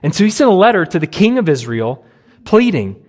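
A man delivers an earnest sermon, leaning on each point with emphatic, deliberate phrasing. His voice sits a touch higher than most men's. He drops low and soft when he speaks Jesus' words. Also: very animated. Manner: earnest, emphatic expository preaching with long pauses. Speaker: preacher.

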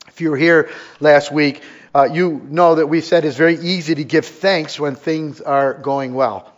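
Earnest pastor preaching, slightly muffled. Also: male voice, a little high, steady tone, a little slow. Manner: earnest, with frequent fillers and repetitions. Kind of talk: sermon.

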